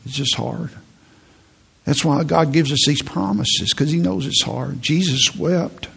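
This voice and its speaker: A man's voice: on the high side, a little slow, a bit bright. A middle-aged male pastor preaching a sermon, telling stories in an earnest, pastoral way. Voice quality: gravelly, husky. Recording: long reverb in a large hall.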